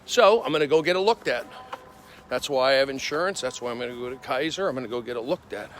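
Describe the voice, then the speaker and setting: A male comedian livestreaming on his phone while walking city streets, rambling excitably with repetitive bursts of loud emphasis. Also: medium pitch, quick pace, a little hiss or hum. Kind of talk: rambling walk-and-talk livestream.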